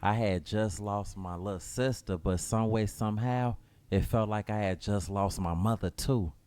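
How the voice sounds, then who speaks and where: A man's voice: lowish voice, moderate pace, darkish tone, smooth, dry recording. A young man narrating a personal storytime in slangy, laid-back speech.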